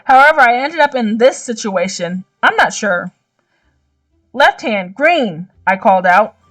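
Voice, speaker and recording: A young woman gaming YouTuber reading a visual novel aloud, breaking off with slangy, animated reactions. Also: fairly high pitch, normal speed, far from the mic, soft background music.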